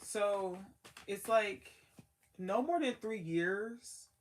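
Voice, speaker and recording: A woman's voice: medium pitch, drawn-out words, slight background noise. A woman giving a casual tarot card reading as the reader, talking in a loose, slangy way full of "like" and trailing thoughts.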